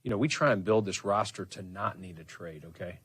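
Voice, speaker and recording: A man speaking at a press conference, explaining his team's approach in a measured way. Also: sits low, breathy edge, no room sound.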